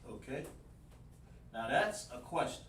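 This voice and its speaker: Slow-talking man teaching a livestream lesson. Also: mid-range voice, sing-song. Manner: slow, repetitive explaining, addresses the chat. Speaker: language teacher. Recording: roomy, mic at a distance, faint noise.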